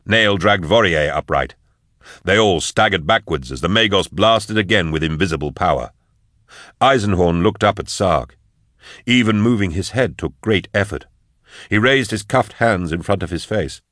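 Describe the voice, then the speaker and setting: A man giving steady, measured scripted narration of an audiobook. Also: low voice, no room sound, clean studio sound.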